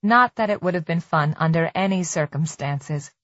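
A woman narrating an audiobook in a measured, tense storytelling manner. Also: lowish voice, dry recording. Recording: slightly dull dry studio recording.

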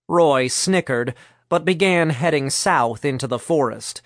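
Slow-reading male audiobook narrator. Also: mid-range voice, no room sound, studio quality. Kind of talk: scripted narration.

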